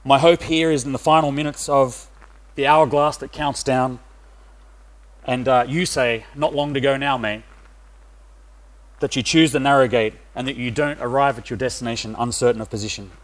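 A middle-aged man from Australia giving a sermon, pausing often with "uh" fillers. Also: mid-range voice, fairly even intonation. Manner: hesitant, many "uh" fillers. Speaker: preacher.

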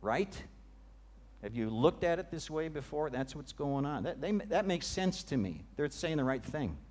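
A male preacher giving a sermon, retelling a scene with dramatic, vivid storytelling that often drops to a hush. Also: on the high side, expressive, normal speed.

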